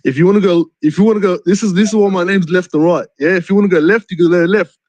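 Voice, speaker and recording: A man's voice: sits high, fast, a little mellow, dry recording, rough recording. A man calling into a live stream who argues his case earnestly, repeating words and restarting often. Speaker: caller.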